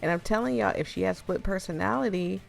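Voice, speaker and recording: A woman streaming a video game, chatting casually, laughing and thinking out loud as she plays. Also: medium pitch, fast talker, creaky, faint music behind. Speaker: gaming streamer. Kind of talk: casual let's-play commentary.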